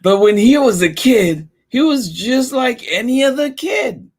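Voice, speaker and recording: A man reading a picture book aloud to children, animated and often asking the listeners questions. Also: very high-pitched, a little slow, breathy edge. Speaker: storyteller.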